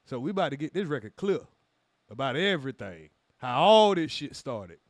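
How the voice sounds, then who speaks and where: A man's voice: fairly high pitch, sing-song, normal speed, dry recording. A man hosting a reaction channel, talking heatedly to his live chat with lots of swearing and rhetorical questions. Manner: heated, profane, rhetorical questions, calls out chatters. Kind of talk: commentary monologue to a live chat.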